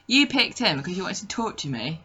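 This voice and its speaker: A woman co-hosting a podcast, chatting casually and briskly reading out a list of facts with quick asides. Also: medium pitch, big pitch swings, muffled recording, crowd noise. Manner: chatty, reads out a fact sheet briskly with asides. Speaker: podcast co-host. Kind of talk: casual chat.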